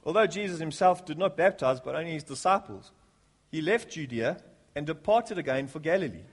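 Pastor, male, high-pitched; jokey banter building into fervent sermon. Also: lively intonation, a little fast. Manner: jokey, rising to fervent preaching. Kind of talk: sermon with prayer. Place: church.

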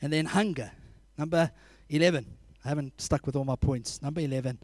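A man preaching a sermon, telling animated stories, laughing often and acting out scenes. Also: fairly high pitch, fairly quick, dry recording.

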